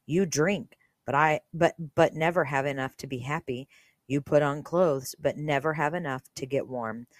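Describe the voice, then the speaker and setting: Low-voiced woman reading scripture. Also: dry recording. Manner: earnest, conversational, many fillers. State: briefly emotional. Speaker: Bible reading podcast host. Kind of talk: casual Bible reading with commentary.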